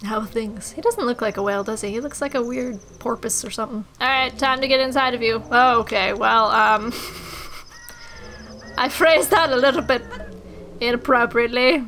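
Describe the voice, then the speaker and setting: Giggly high-voiced woman gaming host. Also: sing-song, normal speed, fairly bright tone, a little hiss or hum, rough recording. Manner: giggly, crude and playful joking. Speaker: gameplay host. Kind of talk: casual let's-play commentary. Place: small home recording room.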